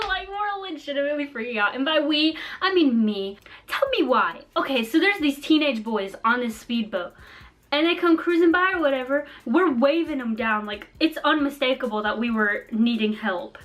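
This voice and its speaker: A young woman vlogger telling a story in a chatty, animated way, full of slang and fillers. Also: sits high. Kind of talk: casual storytime vlog.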